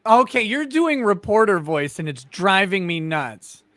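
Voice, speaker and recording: A man's voice: sits high, sing-song, a little slow, bright, forceful tone, dry recording, clean studio sound. A man hosting a livestream talk show, wry and steering the conversation. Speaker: host.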